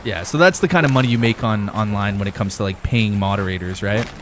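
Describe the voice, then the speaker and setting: A man's voice: fairly low pitch, fast, background noise. A young man live streaming a game, chatting loosely with his viewers, rambling and swearing a lot. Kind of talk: casual live stream chat.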